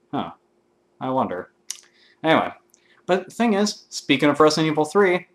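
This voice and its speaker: A man hosting his own gaming video, ranting casually to camera with constant swearing and excitable outbursts. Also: medium pitch.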